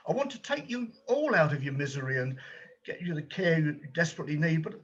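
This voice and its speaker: A man's voice: a little high, sing-song, fast talker, lo-fi sound. A man playing an anxious, kind-hearted volunteer gallery guide who hesitates and stumbles over his words, in an amateur stage drama.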